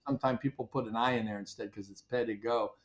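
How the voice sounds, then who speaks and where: An older man, a company founder, telling stories in a relaxed interview and acting out his own past conversations. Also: mid-range voice, fast. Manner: animated storyteller, acts out his own past dialogue. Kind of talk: casual interview storytelling.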